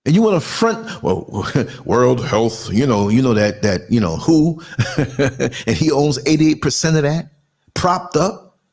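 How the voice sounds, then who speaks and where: A man's voice: medium pitch, big pitch swings, a little slow, a little mellow. A man in his sixties hosting his own podcast, giving a fiery, indignant monologue with strong emphasis. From United States. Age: 60s. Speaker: podcast host and culture critic. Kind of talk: ranting monologue.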